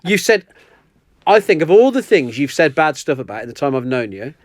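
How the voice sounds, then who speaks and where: A man's voice: fairly high pitch, big pitch swings, brisk, no room sound, clean studio sound. A man co-hosting a casual podcast chat, telling anecdotes and teasing his co-host with plenty of swearing.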